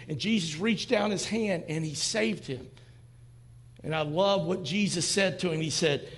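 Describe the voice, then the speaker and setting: High-voiced male pastor in a reverberant hall. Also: normal speed, gravelly, fairly bright tone. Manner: conversational preaching with quoted asides. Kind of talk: sermon. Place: church sanctuary.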